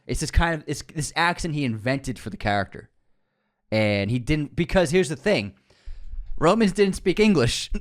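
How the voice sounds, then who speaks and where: A man co-hosting a film podcast in casual chat, talking in an animated way and laughing often. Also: a little high. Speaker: podcast co-host.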